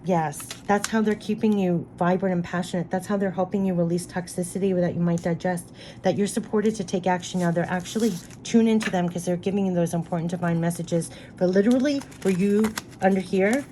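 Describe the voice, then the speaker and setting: Earnest warm-voiced woman reading spirit cards. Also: lowish voice, fairly quick, slight background noise. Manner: earnest, heartfelt, repeats phrases over and over. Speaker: spirit card reader. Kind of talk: intuitive card reading addressed to the viewer.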